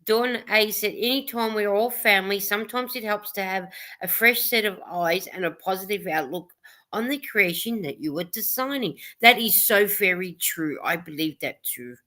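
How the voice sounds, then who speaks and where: A woman co-hosts a casual live chat, reading viewer comments aloud with easy laughter. Her voice is bright and forward. She talks in a warm, rambling, encouraging way. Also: medium pitch, normal speed. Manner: chatty, reads comments aloud, laughs often. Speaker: livestream co-host reading chat.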